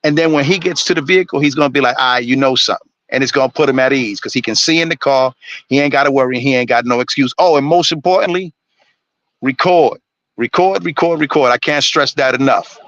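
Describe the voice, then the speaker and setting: A man's voice: medium pitch, fast talker, a bit bright, dry recording, dull audio. A man ranting on a live stream, blunt and preachy, swearing constantly. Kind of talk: profane ranting monologue.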